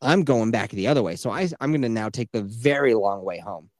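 A man hosting a podcast, telling a story in casual chat, animated and heavy on profanity. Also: fairly low pitch, brisk, dry recording, clean studio sound. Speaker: podcast host.

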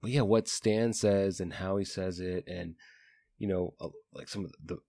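A man with a very low voice talks loosely about a book series, leaning on fillers and self-corrections as he searches for words. The sound is dry and close, with no room around it. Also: steady tone, normal speed, mellow, dry recording. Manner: rambling, many fillers and restarts. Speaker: podcast co-host. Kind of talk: casual book discussion.

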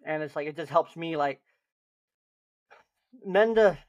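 A young man co-hosting a podcast, chatting casually and acting out gentle reassuring lines to a lost child. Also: a little high, a little slow. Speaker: podcast host. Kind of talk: casual chat.

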